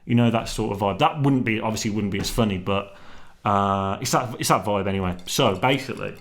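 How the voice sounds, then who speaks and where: Rambling young vlogger. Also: male voice, fairly low pitch, fairly quick. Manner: rambling and slangy, full of restarts and swearing. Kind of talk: casual solo vlog chat.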